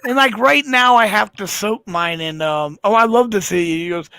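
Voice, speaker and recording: A man's voice: high voice, moderate pace, creaky, pushed and bright, clean tone, dry recording. A man hosting a casual late-night chat, telling rambling, profane stories and laughing a lot. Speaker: livestream host.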